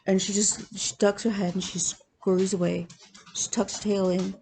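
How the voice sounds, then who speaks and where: Woman, cross-stitch vlogger, casual chat, animated storyteller, fry in the voice. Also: medium pitch, measured pace, long pauses, soft background music. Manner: chatty, animated storytelling with laughs.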